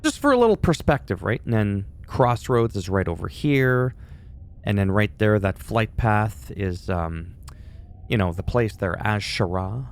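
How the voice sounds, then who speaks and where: Profane gamer ranting. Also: male voice, on the low side, very animated, a little slow. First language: French. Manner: ranty, profane, opinionated. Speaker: gaming YouTuber. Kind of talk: casual gameplay commentary.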